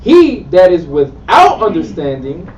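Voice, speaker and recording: A man reading scripture aloud slowly and steadily during a Bible study. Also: high-pitched, huge pitch swings, darkish tone, a little hiss or hum. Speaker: scripture reader. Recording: echoey lo-fi room recording from a distance.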